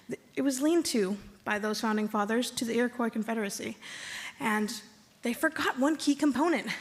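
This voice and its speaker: A woman serving as tribal chairwoman, giving a measured, earnest land acknowledgement and calling on the audience to repeat words after her. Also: on the high side, a bit bright. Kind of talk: ceremonial address to an audience. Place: conference hall.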